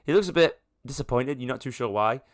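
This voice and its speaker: A man's voice: medium pitch, fast. Chatty man running a tabletop game. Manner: chatty, rambling, excitable. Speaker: game master.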